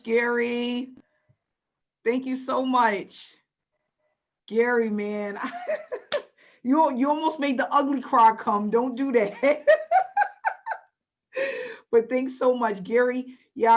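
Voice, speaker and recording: A woman hosting a webinar in an upbeat manner, calling on attendees by name. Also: on the high side. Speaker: webinar host. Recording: dull lo-fi audio.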